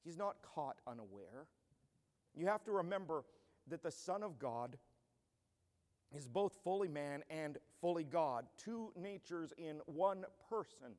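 A pastor preaches an earnest, emphatic expository sermon in a fairly high, slightly mellow voice with lively intonation and a somewhat slow pace. A long reverb from the large church hall trails his words.

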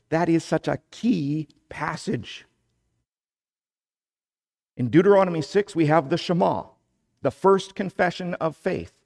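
Slow, deliberate male preacher. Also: a little high, a little mellow. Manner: slow, deliberate preaching with emphatic rises when reading scripture. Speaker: pastor. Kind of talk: sermon.

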